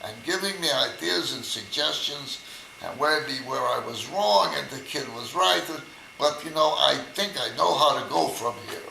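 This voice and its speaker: A grateful father, voiced by an older man telling a joke, speaks earnestly and warmly. His voice is gravelly and bright. The delivery stays close to the teller's own voice. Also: a little high, expressive, unhurried, reverberant, slight background noise, exaggerated voice, poor audio. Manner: earnest, thankful.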